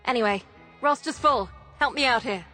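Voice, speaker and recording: An actress playing a gruff, seasoned woman who leads a workers' union in a video game; she talks in blunt, clipped, weary lines. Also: a little high, normal speed, sharp tone, faint music behind. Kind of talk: video game character dialogue.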